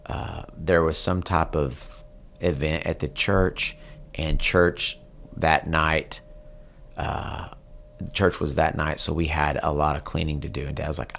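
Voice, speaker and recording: A man's voice: extremely low pitch, fairly even intonation, creaky, fairly bright tone, slight background noise. A man, earnestly telling a personal story in an interview. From Texas. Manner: earnest, reflective, slowing down at key moments. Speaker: guest, country singer.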